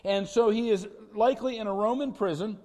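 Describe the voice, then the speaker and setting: A man's voice: high-pitched, brisk, darkish tone. A middle-aged man preaching a sermon as a pastor, with a conversational, folksy storytelling manner and touches of humor. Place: church sanctuary. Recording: long church reverb.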